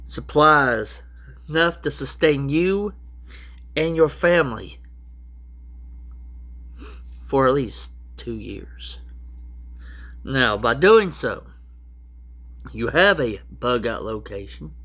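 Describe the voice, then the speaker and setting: A man's voice: on the high side, bright, forceful tone. A man giving rambling, casual how-to advice as a prepper vlogger, with frequent restarts and asides.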